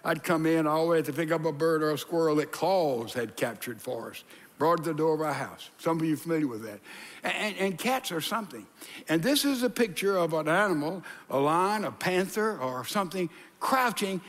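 An older man, a pastor, preaching an animated sermon in a church and acting out voices, with hushed asides. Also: on the high side, brisk. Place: church sanctuary. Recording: long hall reverb.

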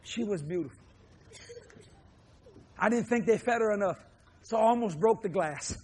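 A preacher from New Orleans with a Cajun accent, who shouts emphatic lines and drops low to chuckle through his stories. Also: expressive, normal speed, husky. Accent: Cajun, Louisiana. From New Orleans, Louisiana. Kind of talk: sermon with humorous storytelling.

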